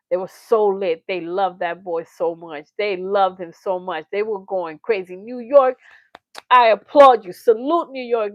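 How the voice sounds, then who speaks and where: A woman hosting a casual livestream, chatting with viewers and reading their comments, animated and laughing often as she acts out quotes. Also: on the low side, no echo. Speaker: livestream reaction host. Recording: dull lo-fi sound, dry.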